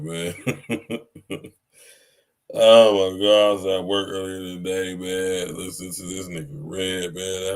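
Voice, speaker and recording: Deep-voiced man preaching on a podcast. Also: fairly bright tone. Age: 30s. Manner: preachy, repeats "you hear me" and "man". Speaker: podcast host. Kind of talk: casual live-stream monologue.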